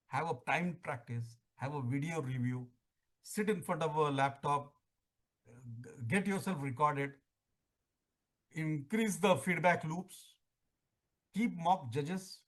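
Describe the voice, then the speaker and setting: Slow, emphatic man. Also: fairly high pitch. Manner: emphatic, oratorical, with deliberate pauses. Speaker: public speaking trainer. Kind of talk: educational talk on contest speaking.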